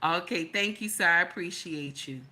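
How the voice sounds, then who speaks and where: A woman's voice: lowish voice, moderate pace. A woman hosting a live stream, reading the chat aloud in a sassy, teasing, chatty way. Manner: sassy, teasing, chatty with loud laughing outbursts.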